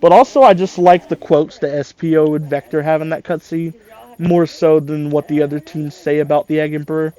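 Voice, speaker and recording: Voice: medium pitch, steady tone, a little fast, warm tone. A let's play commentator talking loosely over gameplay, self-deprecating and swearing casually.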